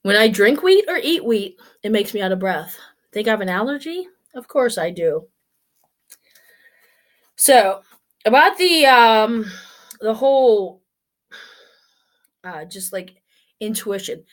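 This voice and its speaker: A woman in her forties talks straight to the camera in a loose, rambling vlog style, upbeat and full of restarts. Her voice sits a little on the high side. She sounds slightly out of breath. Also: animated, slow, pauses often. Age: 40s. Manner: chatty and upbeat, with many restarts and asides. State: a bit out of breath. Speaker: vlogger. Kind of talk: casual solo vlog chat.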